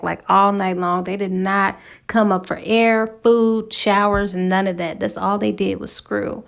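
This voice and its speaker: A woman's voice: mid-range voice, fairly even intonation, takes it slowly, gravelly. A woman giving a chatty, slangy spoken recap of a novel's plot as a book reviewer.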